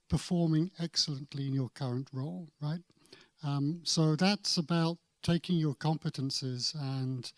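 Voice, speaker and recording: A man's voice: medium pitch, no echo. A man with a British accent speaking as a conference panelist, making emphatic points and restarting his sentences as he goes. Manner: emphatic, builds to forceful points with repeated restarts. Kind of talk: panel discussion. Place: conference stage.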